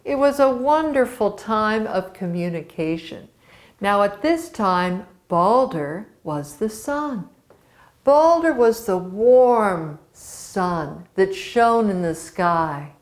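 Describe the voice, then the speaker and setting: A woman storyteller telling a myth to children in a slow, expressive way. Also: mid-range voice.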